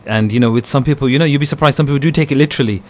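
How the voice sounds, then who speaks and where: Man, mid-pitch voice, radio co-host, laid-back chatty interviewer. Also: racing, a little mellow. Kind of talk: casual radio chat.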